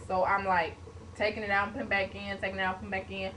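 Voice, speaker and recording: A young woman vlogger telling a story to a webcam at home in a lively, casual way, with sound effects like "boom" and "bam". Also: fairly quick. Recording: distant webcam mic, faint hiss.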